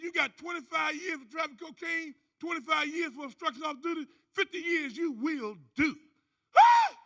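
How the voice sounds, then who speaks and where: A man giving an animated motivational testimony on a conference stage. He tells his story as a storyteller, acting out other people's voices and whooping. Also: very high-pitched. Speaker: conference speaker. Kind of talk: motivational testimony to a live audience.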